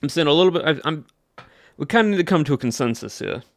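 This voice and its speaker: A man's voice: a little high, animated, fast talker, no room sound, clean studio sound, voice pushed up. A young man doing a put-on Southern US accent as a folksy cowboy, chatting to his stream with a drawl. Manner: folksy drawl, says y'all. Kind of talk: casual livestream chat.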